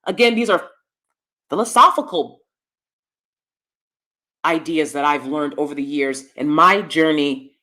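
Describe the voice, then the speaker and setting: This is a middle-aged woman hosting her own commentary channel on YouTube, talking to the camera in a loose, blunt, lecturing monologue. Her tone is sharp and her delivery a little slow with long pauses, dropping into low asides before bursting out emphatically.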